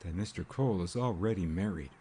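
A man's voice: low-pitched, brisk, dark tone, slight background noise, lightly acted. A man voicing a small, blunt investigator in an audiobook, speaking bluntly and emphatically. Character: small, blunt, fact-collecting male investigator.

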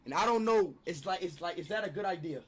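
A man's voice: high voice, animated, fast talker, background noise. A young man making a prank phone call in a playful, mock-earnest way, speaking into a streaming mic at his desk. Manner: playful, mock-earnest, bursts into fake panicked yelling.

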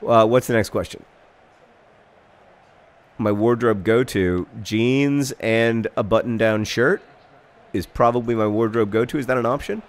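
A man in his thirties hosting a casual gameplay video, rambling through asides and breaking into excited shouted commentary. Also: medium pitch, unhurried, pauses often. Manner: excitable, bursts into shouted mock-epic commentary and chants; rambling, self-deprecating asides. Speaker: gaming video host.

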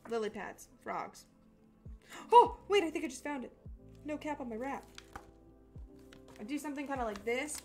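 A woman's voice: high-pitched, fairly bright tone. A young woman chatting casually with her livestream audience as an artist, bubbly and full of "like" fillers. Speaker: artist streaming to chat.

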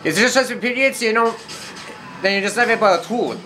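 A man's voice: high-pitched, quick pace, sharp tone, faint music behind. A man casually commentating over gameplay, joking and riffing, sometimes in mock broken English. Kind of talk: casual let's-play commentary.

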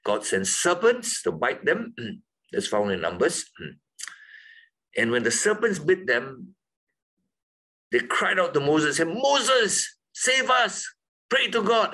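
Male Bible teacher, husky voice, very lively pitch, emphatic classroom delivery. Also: a little slow, low-quality recording. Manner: lively, emphatic, rising high on key words.

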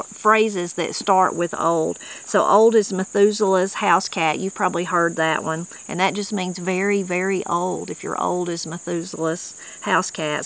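A woman's voice: lowish voice, poor audio. A woman with an Appalachian accent, hosting and explaining regional words in a folksy, conversational way, now and then reading dictionary entries aloud. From Appalachia, western North Carolina. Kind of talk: casual explanatory talk.

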